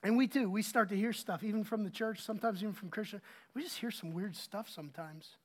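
A man preaching a sermon as pastor, swinging between loud emphasis and hushed asides. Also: high-pitched, a little fast.

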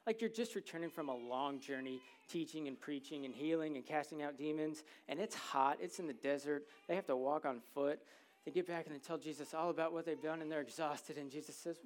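A man delivers a sermon to his congregation in a church, with a voice pitched somewhat high for a man. He talks in a loose, conversational way, joking with the crowd and often asking "right?" to pull them along. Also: fairly quick. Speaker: preacher.

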